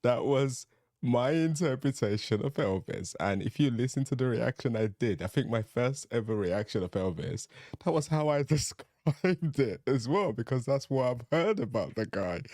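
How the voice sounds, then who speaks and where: A man's voice: mid-range voice, animated, moderate pace, a little mellow, dry recording, studio quality. A man giving casual reaction commentary, laughing often and musing on what he just watched. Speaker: reaction video host.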